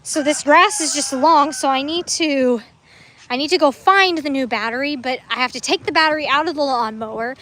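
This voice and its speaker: A woman's voice: high-pitched, normal speed, pushed and bright. A young woman livestreaming from her farm, chatting casually and rambling as she breaks off to talk to her animals. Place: outdoors on a farm among animals. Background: chickens and a rooster.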